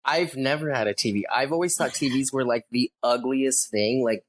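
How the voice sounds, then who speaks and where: A man's voice: mid-range voice, normal speed, a little hiss or hum. A young adult man, a podcast guest, talking candidly and swearing casually in easy conversation. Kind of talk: casual chat.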